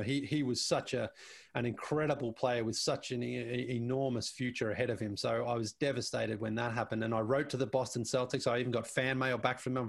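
Male podcast guest, mid-pitched, rambling and chatty, slips into quoted voices. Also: gravelly. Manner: chatty, repeats words, acts out quoted speech. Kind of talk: casual conversation.

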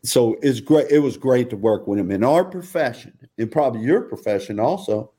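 Older ex-coach, chatty guest, jovial anecdotes, mid-pitched voice. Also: male voice, lively intonation, normal speed, warm tone, slightly rough. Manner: laughs often, acts out quotes in a higher voice. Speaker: former football coach, guest. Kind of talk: casual podcast chat, storytelling.

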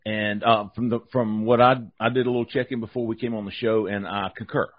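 On a casual sports talk podcast, the male host jokes and rambles, often starting his sentences over. His fairly low voice stays steady and fairly quick, and the slightly muffled recording has no echo.

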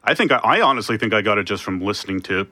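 A man's voice: lowish voice, expressive, racing, sharp tone, no room sound. A man who works as a radio news anchor, chatting casually on air in a laid-back, self-deprecating way. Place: radio studio.

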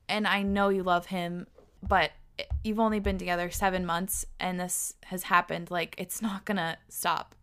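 A woman's voice: lowish voice, fairly even intonation, moderate pace, fairly bright tone. A young woman reading follower messages aloud and giving earnest, heated relationship advice. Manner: earnest, gets heated, repeats pleas.

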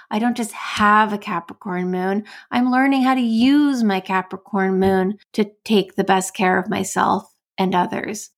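An American woman hosting a solo podcast as an astrologer and coach, talking casually with playful asides and frequent self-interruptions. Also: mid-range voice.

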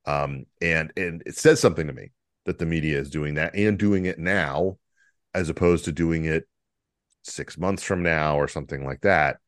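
Male podcast co-host, low voice, rambling and chuckling delivery, dry close sound. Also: normal speed, no room sound. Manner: rambling, many fillers and restarts, chuckling. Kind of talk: casual political comedy chat.

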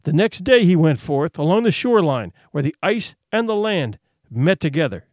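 A man narrating a story aloud in an expressive storytelling manner. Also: fairly high pitch, normal speed, no room sound, studio quality. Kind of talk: audiobook narration.

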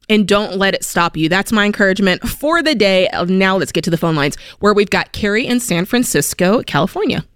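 An upbeat woman hosts a money advice radio show, pushing listeners with lively encouragement. Her voice is smooth and clear, and the studio sound is dry and close. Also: a little fast, hardly any pauses, dry recording. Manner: energetic, animated, acts out quotes in a higher voice. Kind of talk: upbeat motivational radio talk.

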